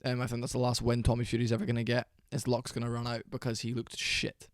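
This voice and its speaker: Tired man with a smooth voice. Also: monotone, quick pace, no echo, studio quality. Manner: low-energy, tired, rambling with fillers and swearing. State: sleepy, worn out. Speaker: MMA reaction channel host. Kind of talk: casual reaction commentary.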